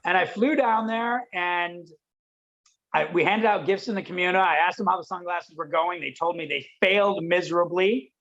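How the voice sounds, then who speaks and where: Guy from detroit telling a story on a podcast, pretty high voice, animated, kinda dull lo-fi sound. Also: normal speed. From Detroit, USA. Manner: lively, acts out quoted voices. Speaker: podcast guest.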